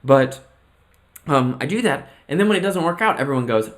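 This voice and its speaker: A man's voice: on the high side, lively intonation, brisk. A man coaching on mental health in a motivational vlog monologue. He talks earnestly and keeps checking in with "right?" and "okay?". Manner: mixes personal anecdotes with an extended analogy. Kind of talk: motivational self-reflection monologue.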